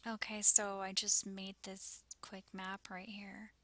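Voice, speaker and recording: A woman's voice: medium pitch, little pitch movement, slow pace, pushed and bright, dry recording. A woman vlogging anxiously over a map, shaken and close to tears, often dropping into whispers. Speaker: YouTuber sharing visions.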